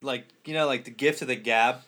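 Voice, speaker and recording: A man's voice: medium pitch, steady tone, a little fast, fairly bright tone. A young man co-hosting a podcast in casual chat, rambling and joking, with lots of fillers and swearing. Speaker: podcast co-host.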